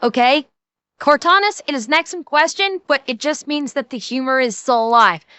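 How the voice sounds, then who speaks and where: A woman's voice: high voice, brisk, bright, forceful tone, no echo. A woman streamer giving casual, crude and mocking reaction commentary, swearing freely.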